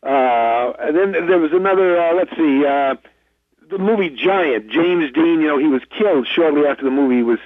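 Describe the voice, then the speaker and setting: A man's voice: fairly high pitch, normal speed, dry recording. A man, an actor guest, telling rambling, self-deprecating stories in a casual interview over the phone. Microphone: telephone. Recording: tinny dry phone line.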